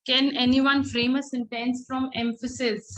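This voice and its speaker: A woman's voice: high voice, little pitch movement, a little slow, a bit bright, rough recording. A woman teacher with an Indian English accent, leading an online English class and encouraging her students, sometimes switching into Hindi. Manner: encouraging, mixes in Hindi phrases.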